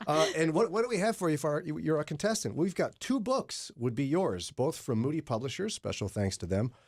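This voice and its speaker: A man's voice: fairly high pitch, expressive, brisk, few pauses, a little mellow, breathy edge, no room sound. A man hosting a morning radio show in a studio, chatty and joking with his co-hosts. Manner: chatty, jokey, laughs often. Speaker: radio host.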